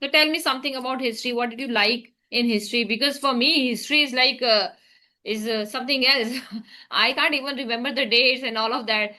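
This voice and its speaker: Young woman hosting a chat, bright voice, kinda high, keeps restarting her sentences. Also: fairly quick. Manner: chatty, restarts sentences often. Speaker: English conversation host. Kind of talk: casual conversation practice.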